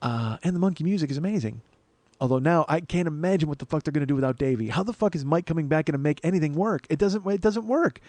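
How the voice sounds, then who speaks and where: A middle-aged man hosting a comedy podcast, rambling through a solo monologue with self-mocking asides and sudden bursts of loud mock-outrage. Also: a little high, lively intonation, fast talker, no room sound. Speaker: podcast host.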